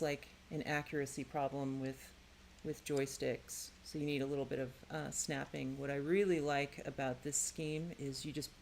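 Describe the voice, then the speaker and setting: A woman's voice: deep voice, slight background noise. A woman making and playtesting her own game, musing aloud to herself in a curious, tinkering way. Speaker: game maker. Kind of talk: casual think-aloud while building and playtesting a game.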